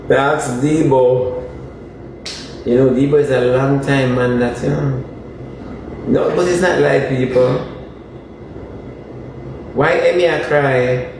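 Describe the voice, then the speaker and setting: A man with a Jamaican accent giving comic commentary on social media gossip, emphatic and ranting, hammering dismissive refrains. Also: medium pitch. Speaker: online commentator. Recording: very echoey room, far from mic, faint noise.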